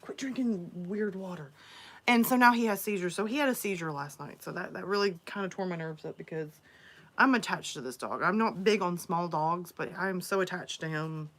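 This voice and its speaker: A woman's voice: on the low side, fairly quick, fairly bright tone. A woman from Alabama, chatting casually and telling rambling stories on a livestream. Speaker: story narrator and streamer.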